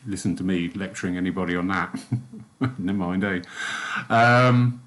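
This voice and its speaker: A man leading a church group's guided meditation, then chatting casually with them in a gentle, soft-spoken way. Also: low voice, moderate pace. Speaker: spiritualist church meditation leader.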